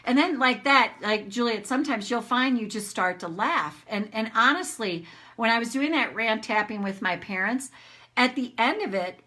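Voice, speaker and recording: A woman's voice: fairly high pitch, normal speed, bright, forceful tone. A middle-aged woman coach talking frankly to viewers in a casual live session, swearing freely and acting out her own rants.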